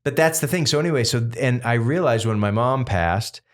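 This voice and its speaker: A Massachusetts singer-songwriter in his fifties chats in a casual interview, telling stories in a loose, rambling, animated way packed with fillers. His mid-range voice moves a little fast.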